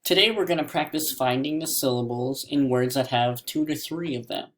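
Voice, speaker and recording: A man teaching a classroom mini lesson, stretching words out slowly syllable by syllable. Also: mid-range voice, a bit bright.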